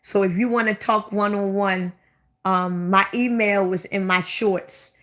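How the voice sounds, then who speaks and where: Her voice is mid-range, steady and fairly bright, moving a little slowly. She's a livestream host past 25 with a Baltimore accent, chatting bluntly and at length and frequently restating her questions for emphasis.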